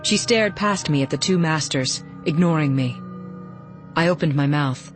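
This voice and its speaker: A woman reading a first-person novel aloud in a steady, even storytelling voice. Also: low voice, normal speed, soft background music. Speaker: audiobook narrator.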